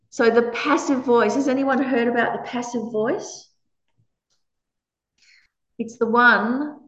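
A woman leading a workshop for a small group, lively and laughing often as she acts out quoted lines. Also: fairly high pitch. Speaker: workshop leader. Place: meditation centre room. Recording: echoey room, dull lo-fi sound.

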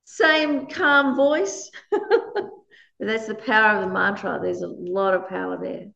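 A woman's voice: mid-range voice, measured pace, creaky, pushed and bright, echoey room, highs cut off. A woman giving a conversational dharma talk as a meditation teacher. She laughs often while she teaches.

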